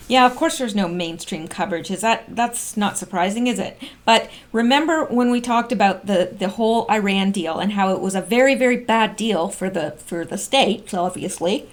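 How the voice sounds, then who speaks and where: A woman reading posts aloud slowly and commenting on them in casual chat, with frequent ums and restarts. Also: mid-range voice. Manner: reads slowly and comments with fillers. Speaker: online commentator.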